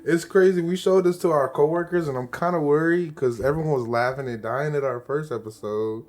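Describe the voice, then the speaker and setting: A young man co-hosts a podcast, trading crude jokes and laughing through his stories. His voice sits a little high, and the talk is loose and unscripted. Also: fairly quick, darkish tone. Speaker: podcast co-host. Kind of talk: casual chat.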